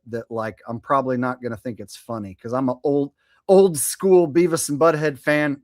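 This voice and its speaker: A man in his forties hosting a live stream in casual chat, reading out viewer messages. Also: mid-range voice. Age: 40s. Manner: chatty, reads viewer messages aloud. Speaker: streamer host.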